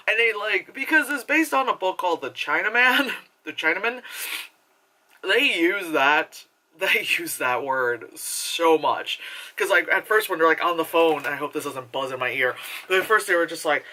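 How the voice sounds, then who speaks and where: Rambling, bright-voiced woman reviewing a movie. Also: low voice, moderate pace. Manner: rambling and animated, with lots of filler words and swearing. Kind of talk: casual rambling film review.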